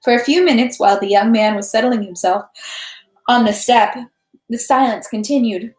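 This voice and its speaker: A woman reading a classic novel aloud at home, with steady narration and small self-corrections. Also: fairly high pitch, moderate pace. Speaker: reader. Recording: roomy echo.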